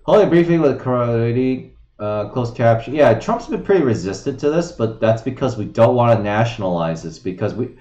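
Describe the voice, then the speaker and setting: A man's voice: medium pitch, expressive, fairly quick, dark tone. A man ranting and rambling in profane casual commentary, reading off headlines on his own show. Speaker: solo streamer. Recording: roomy, dull lo-fi sound.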